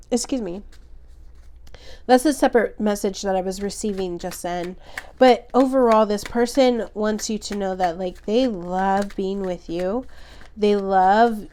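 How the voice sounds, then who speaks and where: A woman doing a tarot reading for her viewers, talking at an unhurried, drawn-out pace. She is gentle and emotional, wanders through her thoughts with plenty of fillers, and sounds a little worn, as if she is losing her voice. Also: mid-range voice. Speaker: tarot reader. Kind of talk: pick-a-card tarot reading.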